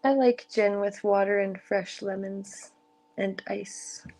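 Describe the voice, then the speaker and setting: A woman's voice: mid-range voice, steady tone, slow, darkish tone. A young woman chatting casually on a live stream panel from home, stoned, rambling and laughing often as her sentences trail off. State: stoned and giggly. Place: home room.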